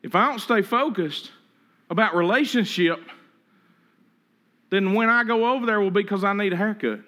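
A preacher, a man with a high and bright, ringing voice. He preaches in a loose, conversational way, stumbling over repeated words and slipping into little acted-out voices of the people in his stories. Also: moderate pace. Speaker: pastor. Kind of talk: sermon.

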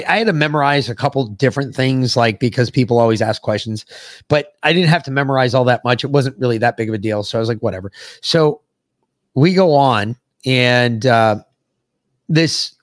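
A man's voice: medium pitch, dry recording. A middle-aged man from the United States, a podcast host telling a crude, profane army story with rambling asides. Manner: crude, rambling, laughs through stories.

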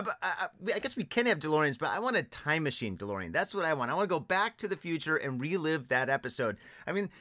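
A man hosting a podcast in casual chat, excitable and profane, who laughs often. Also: a little high, no echo, studio quality. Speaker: podcast host.

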